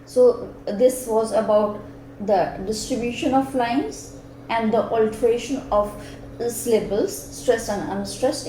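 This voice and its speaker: A woman lecturer with an Indian English accent, explaining poetry slowly and deliberately, pausing often with "uh". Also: medium pitch, mellow, slight background noise. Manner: slow, deliberate explaining with frequent "uh" pauses. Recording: echoey room with faint ambience.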